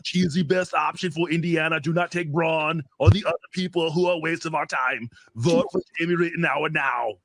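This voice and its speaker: A man doing a comic impression of a male action-star muscleman, giving stiff, forceful commands. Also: on the high side, fairly even intonation, brisk, few pauses, no room sound. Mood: commanding.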